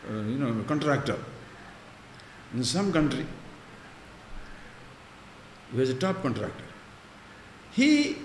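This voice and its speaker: A man's voice: medium pitch, reverberant, slight background noise. A male spiritual teacher giving a discourse, explaining Sanskrit terms and questioning his listeners.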